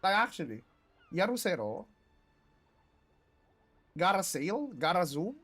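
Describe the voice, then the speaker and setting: A streamer reacting loosely and excitably during a live card game stream, swearing freely. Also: mid-range voice, measured pace, breathy edge. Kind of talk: casual live-stream commentary.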